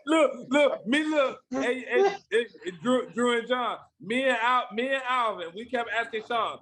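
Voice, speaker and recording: A man's voice: extremely high pitch, slow, fairly bright tone. A man with an American accent, a podcast co-host who jumps in eagerly and repeats his words as he starts a story. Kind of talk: casual storytelling chat.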